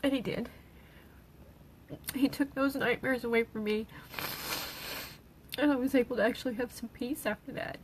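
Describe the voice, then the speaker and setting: Tearful middle-aged woman, fairly high voice, halting speech, personal livestream. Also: fairly even intonation, a little hiss or hum, rough recording. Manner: halting, with pauses and restarts. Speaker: grieving mother sharing her daughter's story.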